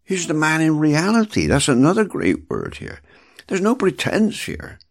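A man's voice: moderate pace, gravelly. A man giving a devotional Bible talk as a preacher, emphatic and repeating words for stress. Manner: emphatic, repeats words, animated swings in pitch.

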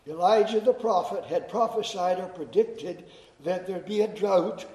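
A man preaching in chapel to students, explaining slowly and deliberately and repeating phrases for emphasis. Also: high voice, dark tone. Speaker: chapel speaker. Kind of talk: sermon to students. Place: chapel hall. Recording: echoey chapel hall.

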